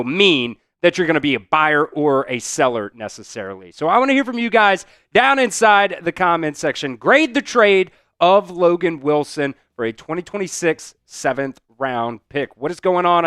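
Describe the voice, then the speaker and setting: A man's voice: fairly high pitch, animated, moderate pace, a bit bright, clean tone, dry recording, studio quality. A man hosting a live sports talk stream, speaking casually with many fillers and answering viewer comments from the chat. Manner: casual, rambling, heavy on fillers. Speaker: sports show host.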